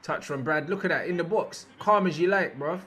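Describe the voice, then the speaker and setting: A young man with a slightly high voice, talking a little fast, gives casual, slangy reaction commentary over football footage. He repeats phrases and erupts loudly at the big moments.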